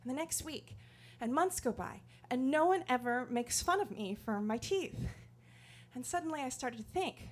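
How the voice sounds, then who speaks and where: A woman comedian telling a self-deprecating story on stage in an animated, comic way. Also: high-pitched, normal speed. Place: live storytelling stage before an audience.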